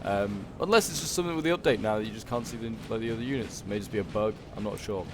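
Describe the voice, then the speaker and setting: A man's voice: fairly low pitch, rapid-fire. A man giving casual gameplay commentary, thinking aloud and rambling with many fillers as he talks through a strategy battle. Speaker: game commentator. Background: background music.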